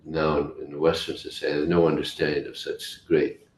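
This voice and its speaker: A man teaching a scripture class, telling stories in a halting way with restarts. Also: rumbling low, little pitch movement. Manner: halting, with restarts and story voices. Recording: echoey room, faint hiss.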